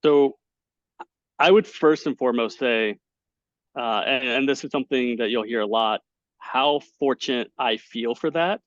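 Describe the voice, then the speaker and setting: A poker commentator, a guest on a casual video-call interview, tells animated stories full of fillers and restarts. His medium-pitched voice moves at a measured pace. The home webcam audio is dull and lo-fi, with no room sound at all.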